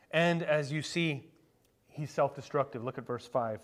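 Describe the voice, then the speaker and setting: A male pastor preaching a sermon in a conversational way, with rhetorical questions and sudden bursts of excitement. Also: mid-range voice, measured pace. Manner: conversational preaching with asides and fillers.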